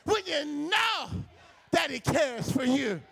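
A male preacher delivering a call-and-response sermon, shouting and chanting lines in rising waves and repeating himself. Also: very high-pitched, sing-song, takes it slowly, gravelly, a faint crowd.

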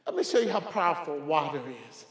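A male pastor preaching a fervent sermon, often shouting and repeating words as he stammers. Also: high voice, animated, quick pace. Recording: echoey church hall.

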